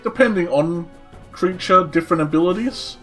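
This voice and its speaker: A man running a tabletop game as dungeon master, laughing often and pausing on fillers as he narrates. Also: high voice, over music.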